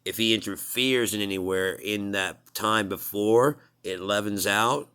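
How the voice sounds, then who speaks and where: Deep, clear-voiced man rambling profanely. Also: unhurried, sharp tone. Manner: rambling, profane, laughs at own jokes. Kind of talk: casual rambling monologue.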